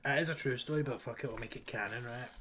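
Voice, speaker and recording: A man's voice: mid-range voice, fast, noisy background. A man with a thick Glasgow accent, telling a story in a casual gaming chat and laughing often. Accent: Glaswegian. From Scotland. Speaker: streamer.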